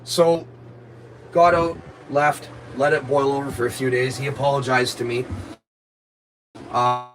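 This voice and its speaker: A man talks casually to his stream audience. His voice sits in an ordinary middle pitch. He rambles, swears freely and sounds wronged. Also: level tone, measured pace, long pauses, a little hiss or hum, rough recording. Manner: profane, rambling, aggrieved. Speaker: live streamer. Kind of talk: casual storytelling to viewers.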